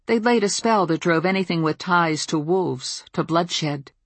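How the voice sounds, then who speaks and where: Husky low-voiced woman narrating a story. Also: no room sound. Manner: calm, wry, measured. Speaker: audiobook narrator. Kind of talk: first-person scripted narration.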